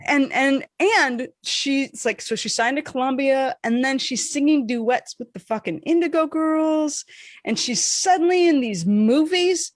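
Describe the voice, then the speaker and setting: A woman podcast co-host telling a casual, animated story, swearing freely and acting out what people said. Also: a little slow, dry recording, studio quality. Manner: animated, profane, acts out quotes with big pitch swings.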